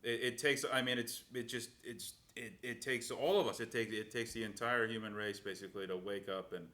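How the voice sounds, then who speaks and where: A man hosting a casual conversation, often murmuring agreement and speaking in halting, reflective phrases. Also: lowish voice, fairly even intonation, sharp tone. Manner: frequent murmured backchannel agreement. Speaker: host.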